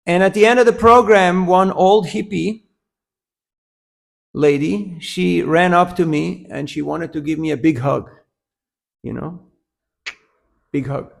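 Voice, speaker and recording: This temple lecturer has a high voice with vocal fry, speaking unhurriedly with long pauses. He livens up his devotional class with a funny story, often throwing "huh?" at the audience and laughing at his own jokes.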